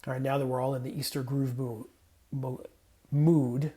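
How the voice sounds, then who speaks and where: Male pastor, medium pitch, mellow tone; conversational, playful sermon with self-corrections. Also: level tone, moderate pace. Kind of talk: casual sermon with scripture reading. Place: home guest room.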